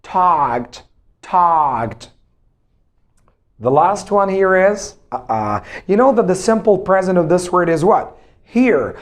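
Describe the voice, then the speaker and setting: Slow, repetitive male English teacher. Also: high-pitched, expressive. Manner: slow, drills words with many repetitions. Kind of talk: pronunciation lesson.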